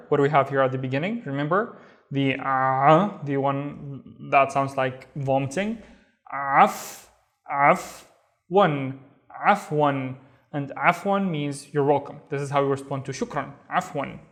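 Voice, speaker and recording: A Saudi-accented man with a mid-range voice and moderate pace gives a step-by-step beginner lesson in reading Arabic, patiently sounding out words and repeating them.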